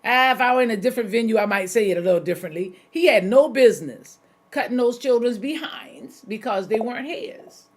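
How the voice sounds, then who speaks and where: A woman's voice: on the high side, lively intonation, a little fast. A middle-aged woman pastor giving a conversational sermon, folksy and direct, speaking straight to her listeners and repeating key phrases.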